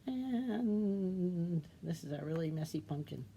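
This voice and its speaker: Slow, gentle children's librarian woman. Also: lowish voice, expressive, slight background noise. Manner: gentle, slow, sing-song teacherly prompting. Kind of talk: storytime craft demonstration for kids.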